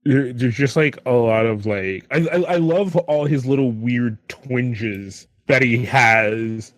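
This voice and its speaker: A man's voice: medium pitch, takes it slowly, dry recording. A man co-hosting a casual podcast chat, rambling and checking in with "right?" a lot. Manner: rambling, lots of fillers and "right?". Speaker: podcast co-host.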